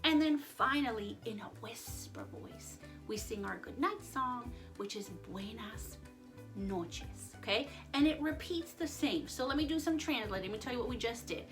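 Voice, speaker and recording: A woman's voice: on the high side, lively intonation, normal speed, over music. A woman teaching Spanish to young children in a friendly online lesson, playful and chatty, joking and mixing Spanish words into her English.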